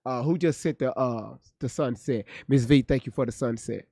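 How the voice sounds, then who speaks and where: A man's voice: mid-range voice, normal speed, vocal fry, warm tone, husky, no echo. A male streamer giving blunt, profane live commentary on a clip, often repeating his words as he thinks aloud. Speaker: streamer reacting to clips.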